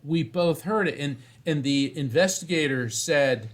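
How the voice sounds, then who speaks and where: Man telling an animated story. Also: a little high, a little slow, few pauses. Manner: animated storyteller who repeats and restarts phrases. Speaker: guest psychic medium. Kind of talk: storytelling in a podcast interview.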